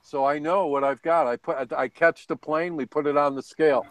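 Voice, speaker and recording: A man's voice: on the high side, fairly even intonation, fairly quick, dry recording, rough recording. Chatty man telling rambling stories. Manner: rambling, chuckling anecdotes. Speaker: guest on a hobby video hangout. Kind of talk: casual storytelling chat. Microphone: video call.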